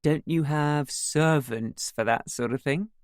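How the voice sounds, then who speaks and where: A woman's voice: sits low, slow, a little mellow, no echo, studio quality. A woman voicing a cheeky, hungover young man who mocks everyone with slurred, jeering mimicry, in a storybook reading. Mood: mocking.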